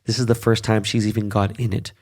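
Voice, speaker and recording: A man's voice: lowish voice, flat delivery, fast, a little mellow. A middle-aged man hosting a podcast, telling a casual story in a profane, emphatic, conversational way. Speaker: podcast host.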